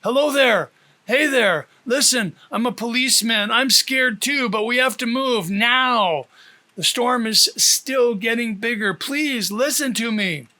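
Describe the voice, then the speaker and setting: A man's voice: very high-pitched, measured pace, vocal fry, hardly any pauses, sharp tone, heavily acted. A man voicing a frightened police officer who calls people to safety during a storm, urgent and pleading.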